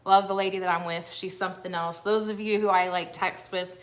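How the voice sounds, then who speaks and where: A woman's voice: lowish voice, steady tone, brisk. A woman, chatting casually as co-host of a livestream from her house, rambling from one story to the next. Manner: rambling and chatty, many restarts. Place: at home in a house.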